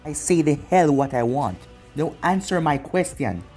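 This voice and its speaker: A man's voice: fairly high pitch, big pitch swings, normal speed, a little mellow, soft background music. A man voicing an arrogant young male ninja turned traitor, smug and taunting, in a fan-made storybook reading.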